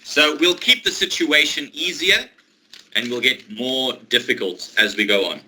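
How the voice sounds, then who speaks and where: A man teaching English one-to-one, explaining a role-play exercise patiently, step by step, with pauses. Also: mid-range voice, sharp tone, a little hiss or hum, poor audio. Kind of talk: online one-to-one English lesson.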